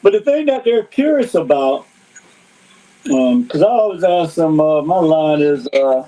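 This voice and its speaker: Man, podcast guest, high voice, dark mellow tone, agreeable, laughs often. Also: animated, unhurried, poor audio. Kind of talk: casual conversation.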